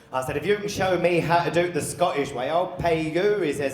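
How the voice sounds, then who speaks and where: A man's voice: on the high side, fairly quick, a little hiss or hum. A man doing bawdy stand-up as a drag comedian in a live club, crude and brash with the crowd. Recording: live club recording with loud crowd and echo.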